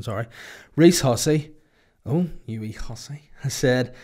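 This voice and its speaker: A young man with a Northern Irish accent, a comedian hosting a solo podcast and chatting casually with jokey, rambling deadpan asides. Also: mid-range voice, moderate pace. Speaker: podcast host and stand-up comedian.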